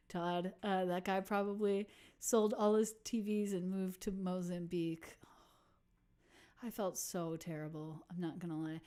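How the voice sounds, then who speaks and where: A woman's voice: fairly low pitch, level tone, slow pace, mellow. A woman musician hosting a casual livestream, chatting with viewers in a self-deprecating way and laughing often. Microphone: computer or phone mic on a livestream.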